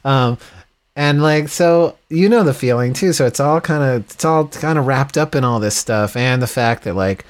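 A man's voice: medium pitch, moderate pace. A man rambling in casual podcast chat as a guest, full of fillers and restarts. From Milwaukee. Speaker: podcast guest, band musician.

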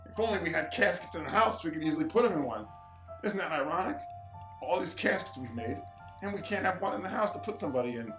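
A man's voice: fairly high pitch, big pitch swings, fast talker. A man improvising comic lines in a joking, rambling way. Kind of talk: comedic improv play. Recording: roomy with music behind.

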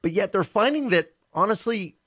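A man's voice: high-pitched, lively intonation, moderate pace, fairly bright tone, no room sound, clean studio sound. A man chatting casually on a podcast, rambling with filler words and restarts. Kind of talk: casual chat.

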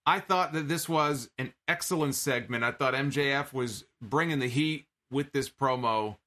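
In a loose, opinionated podcast recap, a man talks through a wrestling show at a moderate pace. His middle-pitched voice is bright and forward, and his conversational delivery often quotes lines from the show.

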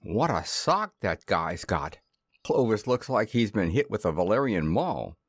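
Man voicing a rough henchman, gruff, slangy, lower, dry sound. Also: big pitch swings, unhurried, no echo. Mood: gruff report.

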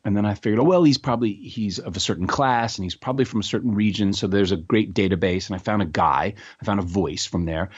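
A middle-aged actor as an interview guest, telling animated stories with quick restarts. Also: male voice, deep voice, lo-fi sound. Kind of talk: casual interview storytelling.

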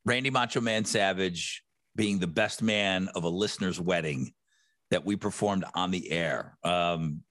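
A man's voice: deep voice, unhurried, fairly bright tone, dry recording. A middle-aged man co-hosting a podcast in casual chat, blunt and emphatic with crude humor. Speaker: podcast co-host.

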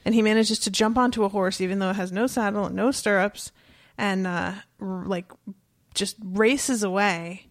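A woman's voice: medium pitch, moderate pace, no room sound, studio quality. A woman in casual chat, recapping a story and acting out the characters' lines, with easy laughs. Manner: chatty, laughs easily, retells scenes with quoted lines. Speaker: podcast co-host discussing a book.

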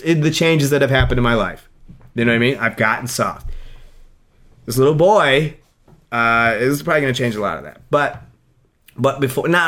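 A man's voice: medium pitch, a bit bright. Rambling, heartfelt male podcast host. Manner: emotional, rambling, restarts often. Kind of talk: casual podcast chat.

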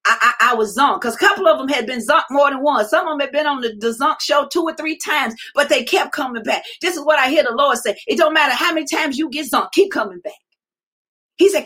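High-voiced fervent woman preacher. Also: brisk. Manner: fervent, repetitive, with bursts of shouting. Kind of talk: impassioned prophetic preaching.

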